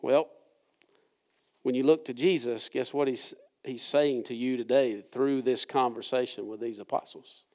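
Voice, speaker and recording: A man's voice: mid-range voice, fairly even intonation, unhurried, darkish tone. A man preaching a sermon in a church service, reading scripture and asking the congregation earnest, conversational questions. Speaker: pastor.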